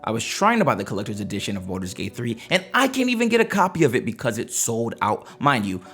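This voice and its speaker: A man's voice: medium pitch, quick pace, faint music behind. Man ranting bluntly about games. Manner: blunt, animated, slangy ranting. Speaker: gaming commentator. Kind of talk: casual commentary.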